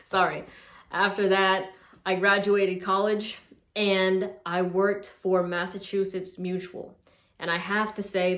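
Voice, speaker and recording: A woman in her twenties telling stories in a casual vlog, chatty and animated, with lots of "like.". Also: lowish voice, roomy sound. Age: 20s. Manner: chatty, animated retelling with filler "like". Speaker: social media creator.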